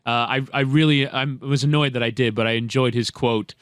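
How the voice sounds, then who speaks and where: A man's voice: medium pitch, steady tone, brisk, a bit bright, clean tone, no room sound, studio quality. A man hosting a sports talk show, asking questions and trading casual banter. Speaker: host.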